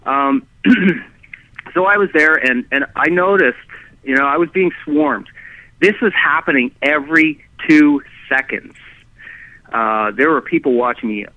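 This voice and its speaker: A man talks a guest's story over a thin, phone-like line, rambling and circling back with restarts and "you know"s. His voice sits a little higher than most men's. The sound is dry and close, with no room around it. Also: unhurried, no room sound. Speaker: guest telling his experience. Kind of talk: casual storytelling in conversation.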